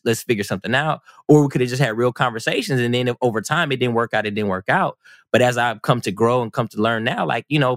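A man's voice: mid-range voice, no echo, clean studio sound. A man telling a personal story on a podcast in a casual, rambling, self-mocking way. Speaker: podcast guest.

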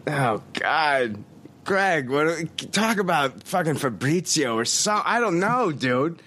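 A man's voice: fairly high pitch, very animated, takes it slowly, bright, forceful tone. A man hosting a podcast, ranting in an exasperated, sarcastic and profane way. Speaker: podcast host. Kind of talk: casual chat.

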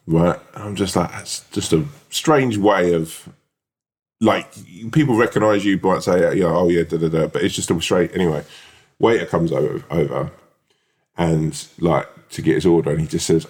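Brief: young man, low voice, animated sweary storyteller. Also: fairly quick. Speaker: podcast co-host. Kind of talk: casual storytelling chat.

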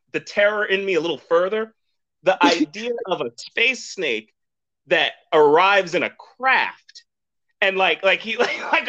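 Lively, bright-voiced man hosting a podcast. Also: high voice. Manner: animated, rambling and excitable with lots of laughter. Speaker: podcast host. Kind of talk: casual chat.

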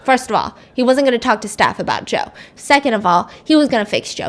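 A woman's voice: fairly high pitch, big pitch swings, brisk, hardly any pauses. A young woman hosting a podcast, telling a story in a chatty, slangy way and swearing casually. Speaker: podcast host.

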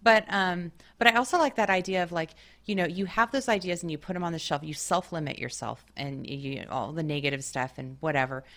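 A woman's voice: on the low side, a little fast, hardly any pauses, fairly bright tone. A woman hosting a podcast, chatting casually and upbeat, acting out her own thoughts as she talks. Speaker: podcast host. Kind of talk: casual interview chat.

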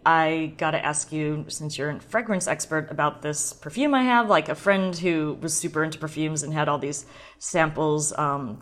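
A woman sommelier hosting a solo wine podcast, chatting casually and playfully, drifting into tangents. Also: low voice.

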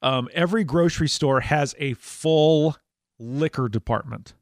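A man's voice: a little high, a little slow, dry recording, clean studio sound. A man from Wisconsin with a slight Wisconsin accent, hosting a podcast interview and telling stories with a laugh. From Wisconsin, USA. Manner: chatty storyteller, laughs often, acts out dialogue. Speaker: podcast host. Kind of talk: casual interview chat.

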